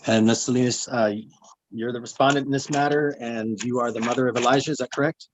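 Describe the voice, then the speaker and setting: A man examining a witness in court, measured with small fillers. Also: medium pitch, steady tone, a little hiss or hum, rough recording. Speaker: attorney questioning witness.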